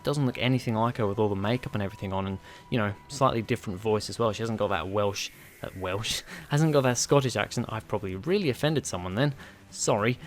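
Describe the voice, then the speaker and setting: A man casually reviewing a TV episode in an enthusiastic, rambling, chatty way. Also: medium pitch.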